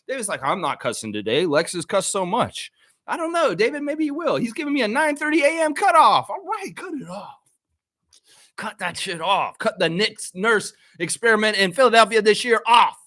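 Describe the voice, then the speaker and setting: A man's voice: very high-pitched, sing-song, normal speed, bright, forceful tone, dry recording, studio quality. A man hosting a live sports chat stream, brash and trash-talking, reading viewer comments aloud.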